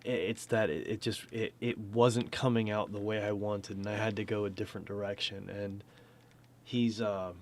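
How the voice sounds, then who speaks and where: Male streamer, casual and self-interrupting, fairly low pitch. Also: flat delivery, normal speed. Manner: rambling, self-interrupting, drops to a whisper at times. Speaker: streamer and voice actor. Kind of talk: casual livestream chat.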